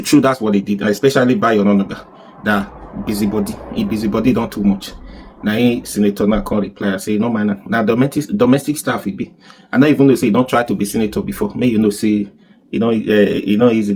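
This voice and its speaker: A man with a Nigerian accent giving animated political commentary, firing off rhetorical questions and slipping into Pidgin. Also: mid-range voice, husky.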